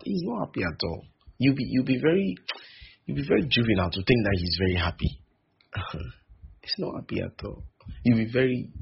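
Gravelly husky-voiced preacher man. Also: lowish voice. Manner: repeats lines for emphasis, slows on key phrases. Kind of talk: sermon. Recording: dull lo-fi recording.

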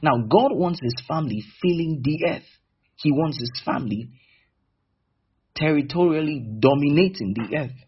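A man's voice: fairly high pitch, animated, normal speed, husky, muffled recording. A man preaching a sermon emphatically, acting out little dialogues between people as he teaches.

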